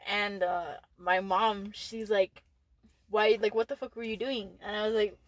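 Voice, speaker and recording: A woman's voice: medium pitch, fairly even intonation, measured pace, dry recording. Young woman, Texan accent, podcast co-host, casual storytelling, laughing, swearing, dry sound. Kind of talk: casual chat.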